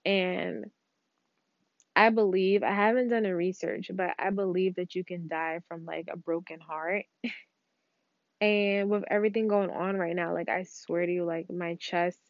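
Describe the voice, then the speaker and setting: A woman's voice: fairly low pitch, steady tone, a little slow, no room sound. A young woman hosting a podcast, telling a rambling personal story in casual, slangy, candid talk from home. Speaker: podcast host. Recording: dull lo-fi dry recording.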